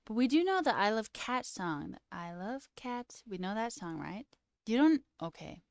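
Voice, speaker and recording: A woman's voice: mid-range voice, very animated, normal speed, clean tone, dry recording, clean studio sound. A woman hosting a livestream, chatting casually with viewers, giggly and now and then dropping into a whisper. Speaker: livestream host.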